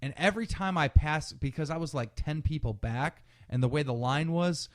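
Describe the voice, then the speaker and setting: Animated, profane podcast storyteller man. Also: a little high, moderate pace. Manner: animated, profane, acts out quotes. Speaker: podcast co-host. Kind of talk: casual storytelling chat.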